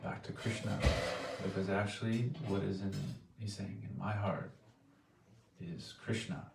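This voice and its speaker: Low flat-voiced man in an echoey hall. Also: creaky. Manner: earnest, soft-spoken, halting with restarts. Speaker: devotee giving a spoken offering. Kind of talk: heartfelt devotional sharing. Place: temple hall. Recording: echoey room, distant mic, faint noise.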